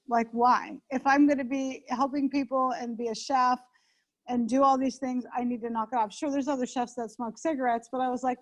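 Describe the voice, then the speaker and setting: Chatty high-voiced woman, dull recording. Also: fairly even intonation, moderate pace. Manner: chatty, rambling with many restarts. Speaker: interview guest, home chef. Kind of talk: casual interview chat. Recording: dull lo-fi sound.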